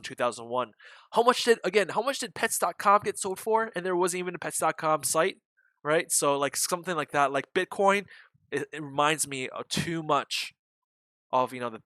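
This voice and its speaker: A man's voice: mid-range voice, pushed and bright, no echo. A man hosting a live day-trading stream, chatting casually and rambling with frequent restarts and the odd swear. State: hiccuping. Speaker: day trading livestream host. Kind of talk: casual market chat.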